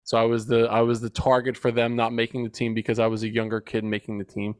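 A man's voice: mid-range voice, completely flat delivery, quick pace, clear, resonant tone, no room sound. A man in his forties, a men's coach and podcast guest, telling a personal story in an earnest, reflective way. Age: 40s. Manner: earnest and reflective, with emphatic retelling.

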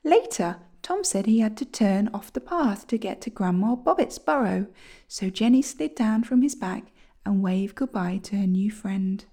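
Soft-voiced woman reading a storybook. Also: medium pitch, animated, measured pace. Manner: gentle, often soft and whispery. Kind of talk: reading a children's storybook aloud.

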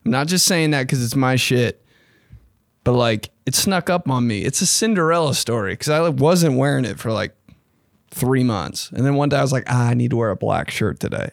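A young man hosting a casual podcast monologue, excitable and slangy, swearing freely and often jumping into high mocking voices. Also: vocal fry, dry recording, studio quality. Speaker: podcast host.

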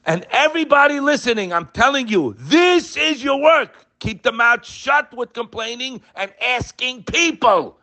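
A man's voice: extremely high pitch, animated, measured pace, few pauses, bright, forceful tone. An older man giving an impassioned sermon, emphatic and full of rhetorical questions. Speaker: religious teacher.

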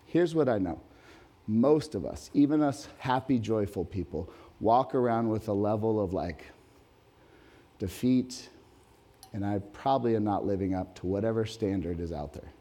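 A man preaching a sermon in a church hall, animated, rising loud and high whenever he reads scripture aloud. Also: normal speed. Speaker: pastor.

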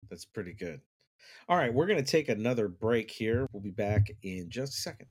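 A man's voice: lowish voice, animated, moderate pace, a little mellow, slightly rough. A man hosting a podcast in casual chat, reacting playfully and thinking aloud. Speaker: podcast host.

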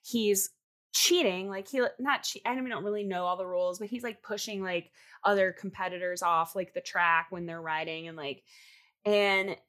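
A woman recapping a movie in casual chat, talking fast and animated with lots of fillers. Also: medium pitch.

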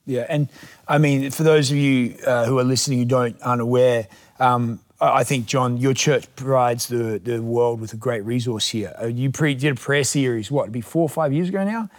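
A young man hosts a podcast conversation in an even, mid-range voice. He speaks reflectively and from the heart. He pauses and restarts as he gathers his thoughts. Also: medium pitch. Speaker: podcast host and pastor. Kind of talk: casual conversational interview.

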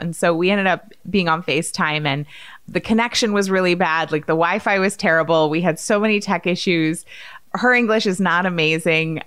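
A woman in her thirties hosting a podcast, telling a story in a lively, chatty way and acting out quotes. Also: sits low, dry recording. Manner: animated storyteller, acts out quotes. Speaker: podcast host. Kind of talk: casual chat.

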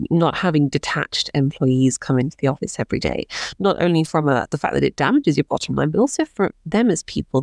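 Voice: mid-range voice, vocal fry, a little mellow, no room sound, studio quality. A podcast host talking solo in a chatty, self-deprecating way, with plenty of ums.

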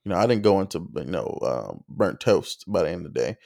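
A man's voice: deep voice, lively intonation, fairly quick, gravelly, dark tone. A man telling a comic story in a rambling, casual way, with many fillers. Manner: rambling, lots of fillers and restarts. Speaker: comedian.

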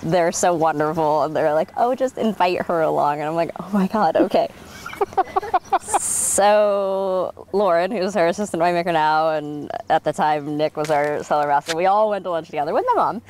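Low-voiced woman telling a story. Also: normal speed, a little hiss or hum. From Oregon, US. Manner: animated, laughs often, many fillers. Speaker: interviewee, winemaker. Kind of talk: oral history interview, casual storytelling.

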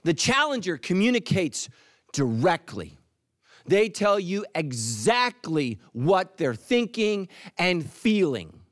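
A man preaching a sermon in a high, bouncing voice that swings up and down. He talks in a punchy, teasing way with playful asides. The sound is dry and close, with no room echo. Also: big pitch swings, slow pace. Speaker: pastor.

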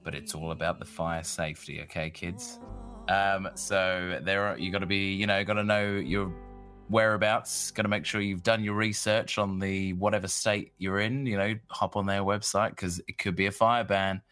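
A man's voice: on the low side, little pitch movement, normal speed, fairly bright tone, soft background music. A man co-hosting a podcast, chatting casually in an easygoing, jokey, slangy way. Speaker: podcast co-host. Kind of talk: casual chat.

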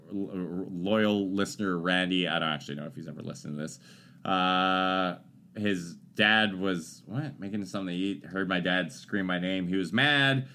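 A man's voice: sits low, pushed and bright, smooth. A man hosts a casual podcast. He tells long, rambling family stories, swears freely and fills his sentences with "uh" and "like". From Canada. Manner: profane, rambling storyteller with many fillers. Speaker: podcast host.

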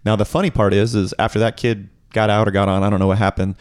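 A man's voice: lowish voice, level tone, quick pace, dry recording, studio quality. A man co-hosting a podcast in casual chat, telling stories in a rambling way. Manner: rambling storyteller, acts out quotes. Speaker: podcast co-host.

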